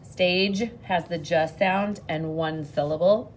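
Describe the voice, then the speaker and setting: A woman teaching a phonics lesson to children on video, patient and encouraging, speaking slowly and clearly. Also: lowish voice, slight background noise.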